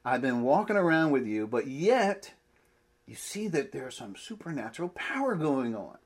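A man's voice: medium pitch, big pitch swings, moderate pace. A man voicing an exasperated male teacher who presses his doubting followers with emphatic, ad-libbed questions. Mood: pleading.

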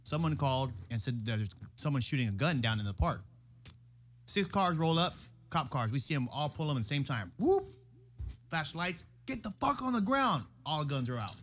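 In casual chat, a man tells a heavily profane story, loudly acting out the quoted lines. His mid-range voice is animated and a little fast.

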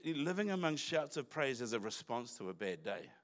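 A man's voice: medium pitch, sing-song, moderate pace. A man preaching a sermon in church, talking conversationally with asides and restarts. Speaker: pastor.

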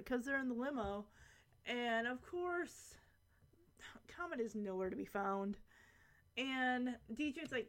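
High-voiced, chatty young woman vlogger. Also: unhurried. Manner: chatty, rambling, giggly asides. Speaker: vlogger recapping a sitcom episode. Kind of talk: casual recap chat.

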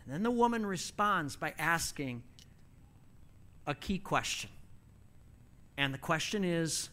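Stopping after each phrase so an interpreter can translate, an animated preacher delivers a sermon emphatically, like a storyteller. His voice is bright and fairly high.

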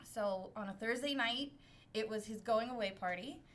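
A middle-aged woman from Brooklyn, New York, tells a story as a podcast guest in casual conversation. Her voice is on the high side at a normal speed, and she laughs often, animated and poking fun at herself. There's slight background noise.

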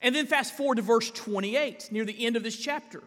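A male pastor preaching a live sermon in a church, emphatic, with big swings in pitch and drawn-out stressed words. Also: a bit bright, in a large hall. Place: large church sanctuary.

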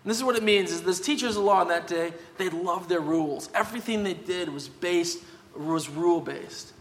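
A man's voice: high-pitched, fairly quick. Emphatic male preacher in a reverberant hall. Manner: conversational, emphatic, tag questions. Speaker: pastor. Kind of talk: sermon.

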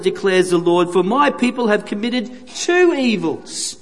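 High-voiced man preaching in a reverberant hall. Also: expressive, measured pace. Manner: earnest, emphatic preaching with repeated phrases. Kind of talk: sermon.

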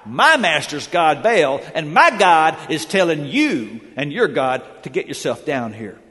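A man acting out an arrogant soldier captain who barks orders, loud and defiant, in a reverberant hall. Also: on the high side, big pitch swings, unhurried, exaggerated voice.

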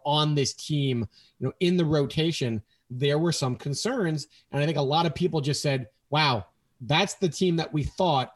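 Guy on a sports podcast, bit higher voice, gets animated walking through the highlights. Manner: animated play-by-play retelling. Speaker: podcast co-host. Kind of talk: casual sports podcast chat.

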